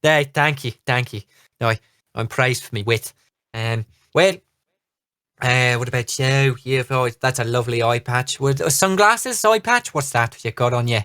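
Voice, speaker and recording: A man's voice: mid-range voice, moderate pace, pushed and bright, clean tone, dry recording, clean studio sound, natural voice. A man voicing a flustered, chatty male halfling pirate captain with a thick brogue, rambling with ums and compliments. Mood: jovial.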